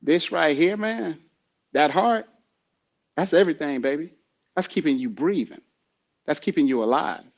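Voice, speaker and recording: A man with a fairly high-pitched voice hosts a motivational podcast, sounding preachy and repetitive as he urges the listener directly. The sound is lo-fi.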